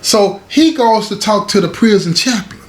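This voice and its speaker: A man's voice: high-pitched, expressive, moderate pace. A man telling a story casually and emphatically, repeating lines and speaking straight to his listeners. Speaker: storyteller host. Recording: roomy echo, faint background hiss.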